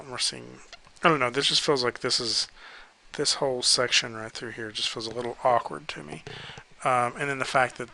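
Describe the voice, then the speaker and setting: A man's voice: medium pitch, low-quality recording. A man giving casual spoken feedback on pose drawings while sketching, hesitant and full of fillers. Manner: relaxed, hesitant, many ums and likes.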